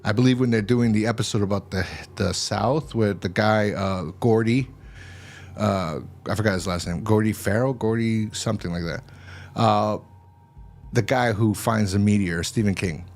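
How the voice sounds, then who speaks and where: A man's voice: fairly low pitch, moderate pace. A man hosting a casual TV episode review, recapping the plot in a rambling way and often restarting his sentences. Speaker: show host reviewing TV episodes.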